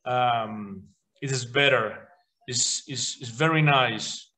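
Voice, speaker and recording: A man whose first language is Spanish, teaching English to children with a British-leaning accent, reading out word lists clearly and often restarting his sentences. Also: mid-range voice, slow, bright, forceful tone, low-quality recording. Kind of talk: beginner English lesson for children.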